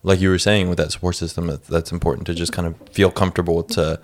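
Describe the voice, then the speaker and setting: A man's voice: deep voice, level tone, fast. A man in his twenties in casual podcast chat, laid-back, swearing casually and laughing often.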